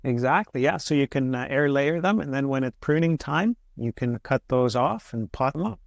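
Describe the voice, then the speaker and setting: A man explaining gardening as an interview guest, patient and steady, with small restarts as he talks. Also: medium pitch, normal speed, creaky, dry recording, studio quality. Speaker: horticulturist guest. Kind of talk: casual interview answers.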